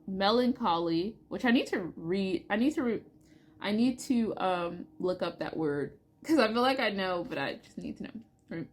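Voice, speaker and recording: A woman's voice: medium pitch, lively intonation, normal speed. A young woman vlogging casually, earnest and chatty with many fillers, reading aloud from oracle cards. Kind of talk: casual spiritual vlog with card reading.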